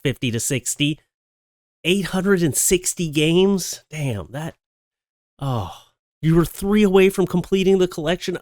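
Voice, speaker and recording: A man hosting a comedic reaction commentary, animated and joking, slipping into quick silly voices. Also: a little high, no room sound, clean studio sound. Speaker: commentary host.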